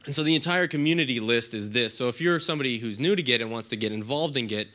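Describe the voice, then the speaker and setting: A man's voice: medium pitch, quick pace, bright, forceful tone. A man in his thirties, a little sick with a nasal voice, giving a casual, hesitant lightning talk at a conference. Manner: hesitant, many ums and restarts. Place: conference room with audience.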